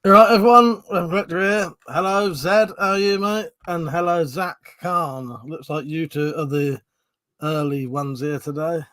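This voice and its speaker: A man's voice: fairly high pitch, a little slow, fairly bright tone, no room sound. A man with a Southern English accent hosting a casual live stream, swearing freely, bantering and reading out viewer comments. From Southern England.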